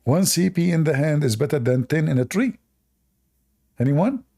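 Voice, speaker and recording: A man's voice: on the high side, expressive, normal speed, vocal fry, mellow. A man with a non-native English accent, hosting a live debate stream with mocking, sarcastic asides. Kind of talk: casual livestream talk.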